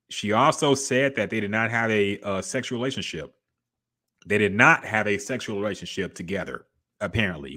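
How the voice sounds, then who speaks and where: A man's voice: lowish voice, pushed and bright. A man co-hosting a podcast in casual chat, laid-back and profane, trailing off with fillers. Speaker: podcast co-host.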